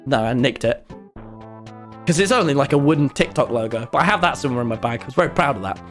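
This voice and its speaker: A man, telling a story to his live chat in an excitable, rambling way. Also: medium pitch, fast talker, faint music behind. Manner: excitable and rambling, with many restarts. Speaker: streamer.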